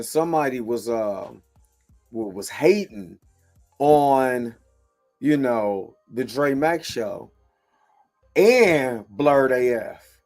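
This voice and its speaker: A man hosting his own commentary show in a loose, casual way, repeating filler phrases and jumping between soft and loud. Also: mid-range voice. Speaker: show host.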